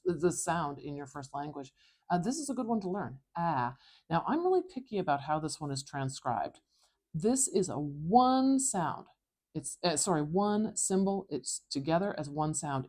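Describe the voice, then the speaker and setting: A woman teaching pronunciation, explaining each sound clearly, precisely and with emphasis. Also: low-pitched, mellow. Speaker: phonetics teacher. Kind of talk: tutorial lesson.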